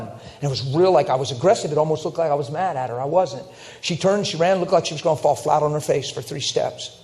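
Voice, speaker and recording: A middle-aged man preaching a sermon, telling stories in an animated, emphatic way that climbs toward shouting. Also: fairly high pitch, fairly quick. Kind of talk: storytelling sermon.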